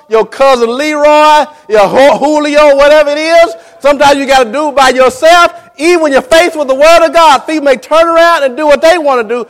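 A man with a strikingly high voice delivers a sermon full of fervor. He stretches out key words with dramatic pauses, repeats phrases for emphasis and keeps calling on the congregation to watch and follow. His voice rings with a long reverb through a large church hall. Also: fairly bright tone. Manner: fervent preaching with repeated calls to the congregation. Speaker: preacher.

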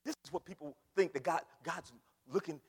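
A man preaching a sermon with dramatic swings from shouts to hushed whispers, repeating words for emphasis. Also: fairly high pitch, moderate pace, breathy edge, big-room sound.

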